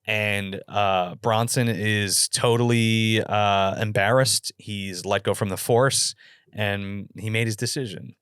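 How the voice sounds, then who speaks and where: A man in a casual film review chat, retelling movie scenes with animated, profane energy. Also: fairly low pitch, slow, clean tone, dry recording, clean studio sound. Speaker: film podcast co-host.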